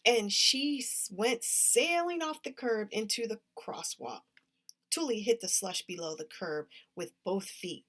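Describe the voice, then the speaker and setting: A woman's voice: mid-range voice, animated, measured pace, fairly bright tone. Woman reading a kids' story aloud. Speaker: story reader.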